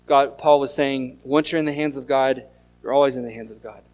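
A pastor, preaching an earnest sermon that mixes scripture reading and storytelling. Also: male voice, medium pitch, steady tone, fairly quick, darkish tone, soft background music. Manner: earnest teaching tone, reads scripture aloud and tells stories.

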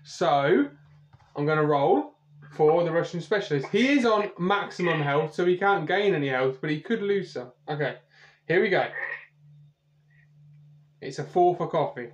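A British man leads a tabletop game, explaining the rules in a chatty way with plenty of casual asides. His voice is somewhat high for a man. It rings in an echoey room and sounds a little muffled. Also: expressive, normal speed, pauses often. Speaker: game master.

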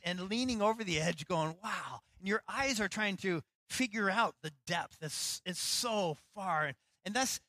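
Male pastor, middle-aged, preaching; bright, forward tone, dry close sound. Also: high voice, no echo, poor audio. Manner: storytelling, animated, acts out quotes. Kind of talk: sermon.

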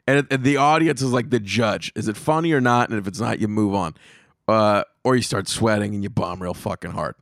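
A man's voice: fairly low pitch, a little fast, vocal fry, dry recording, clean studio sound. A man hosting his own comedy podcast, telling rambling, profane stories in a casual monologue. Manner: profane, rambling, animated storytelling.

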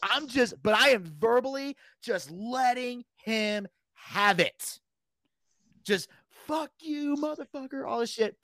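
A man casually telling a story, animated, swearing freely and shouting out the lines he quotes. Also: sits high, slow, no room sound. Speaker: podcast guest telling a story.

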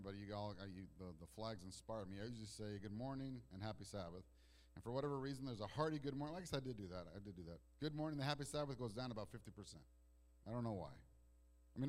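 A male pastor preaches in a chatty, storytelling way. His voice sinks to hushed, tender lines and then climbs to loud, fervent bursts. He often restarts his sentences as he talks to the congregation. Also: mid-range voice. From Italian heritage. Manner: swings from soft hushed lines to loud emphatic outbursts, with restarts. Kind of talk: sermon.

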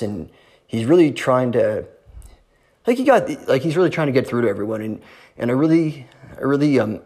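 A man's voice: mid-range voice, a little mellow. A man giving casual closing remarks on a podcast, rambling and hesitant with many fillers.

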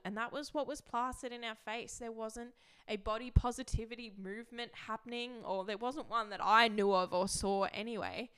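A young woman hosts a podcast, speaking candidly and emotionally about her past in a personal monologue peppered with "like." Her voice is on the high side, clear and resonant, fairly bright, with fairly even intonation at normal speed.

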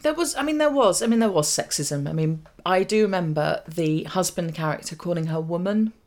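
A woman's voice: on the low side, lively intonation, a little mellow. A woman co-hosting a podcast, chatting casually about a cartoon in a jokey way and laughing easily. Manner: jokey, quick to laugh, breaks into silly voices and sing-song riffs. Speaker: podcast co-host. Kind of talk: casual chat reviewing a cartoon.

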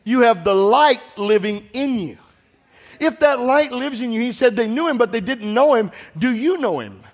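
A man preaching a sermon in a church, impassioned and swelling into shouts, putting direct questions to the congregation. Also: very high voice, lively intonation, normal speed. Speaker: pastor.

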